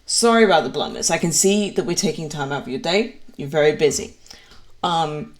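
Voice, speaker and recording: A game master voicing a confident, charming man in a tabletop game, speaking politely and smoothly. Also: mid-range voice, a little fast, natural voice.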